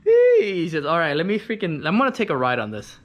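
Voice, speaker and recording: A man's voice: on the high side, very animated, fast talker, highs cut off. A man demonstrating a scooter repair in his garage, frustrated, with frequent restarts and mild swearing. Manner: frustrated, swears mildly, repeats himself. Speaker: scooter mechanic. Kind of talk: casual vlog demonstration. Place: home garage.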